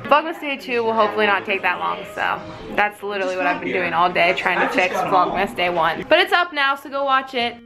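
A woman's voice: mid-range voice, lively intonation, brisk, few pauses, loud music behind the voice. A teenage girl vlogging in a bubbly, giggly, chatty way. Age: teens. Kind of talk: casual vlog chat.

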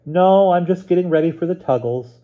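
A man's voice: high voice, fairly quick, voice pushed up, natural voice. A cool teenage girl, voiced by a man reading a storybook, offhand and dismissive. The recording sounds slightly lo-fi.

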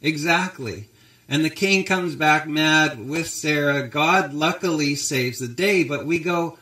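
Male pastor, storytelling sermon, slightly high voice, reverberant sanctuary. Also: lively intonation, measured pace, bright, forceful tone. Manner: storytelling, addressing the congregation directly. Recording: roomy church echo.

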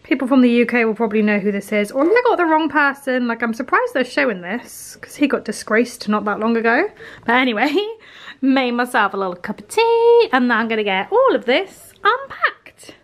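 A woman's voice: fairly high pitch, very animated, a little fast. A woman, chatting casually through her day for a home vlog. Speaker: vlogger. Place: home kitchen, indoors. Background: household appliances humming.

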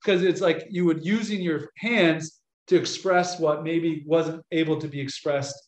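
A man, a Catholic priest, gives a casual lecture in a fairly high voice. He talks in an animated, chatty way and often breaks off and restarts his sentences. The sound is roomy and echoey. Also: a little slow. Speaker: catholic priest giving a talk.

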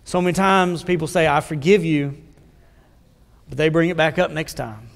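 Pastor, male, high-pitched, preaching conversationally with questions to the room, long church-hall echo. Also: a little fast, gravelly. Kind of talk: sermon. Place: church sanctuary.

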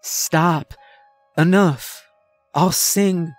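A man's voice: a little high, moderate pace, creaky, no echo, soft background music, voice pushed up. A man voicing a sad, cursed young woman, strained and defiant, in a horror story reading.

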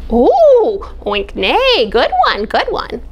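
A woman voices a chirpy storybook crow, quick and high, hopping up and down in pitch. Excitable and bright. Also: exaggerated voice.

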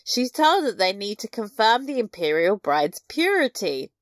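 A woman talks through a TV episode for her podcast, her pitch jumping around as she laughs and throws in asides. The sound is dry and close. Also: normal speed, no echo. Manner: animated, laughing recap with asides. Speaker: podcast co-host. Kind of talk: casual recap chat.

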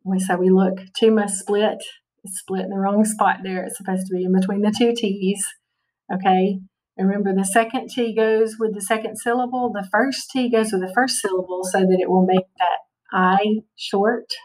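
A woman's voice: medium pitch, steady tone, moderate pace, a little mellow, distant mic, rough recording. A woman teacher giving a recorded phonics lesson, patient and checking in with "okay" often.

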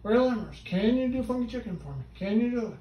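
A man performing a live show with his talking bird, coaxing it loudly and often yelling his patter. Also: very high-pitched, expressive, quick pace, muffled recording, slight background noise. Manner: loud, coaxing and prone to yelling. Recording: echoey room from far off.

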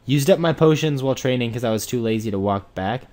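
A young man giving let's play commentary on a game, excitable and swinging from mumbles to shouts. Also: medium pitch, fast talker. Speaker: gamer playing a Pokemon randomizer.

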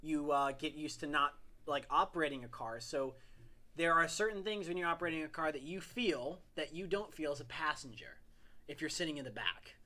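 A man co-hosting a podcast, chatting in an animated, talkative way and laughing easily. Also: a little high, fairly quick. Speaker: podcast co-host. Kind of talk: casual chat.

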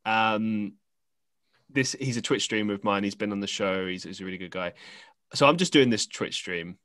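A lower-pitched English man hosting a podcast in a loose, meandering storytelling style. His voice has a bright, forceful edge, recorded close and dry on a podcast microphone with no room sound. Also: normal speed, dry recording. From England. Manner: rambling and chatty, with many fillers and restarts. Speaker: podcast host. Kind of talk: casual conversational storytelling.

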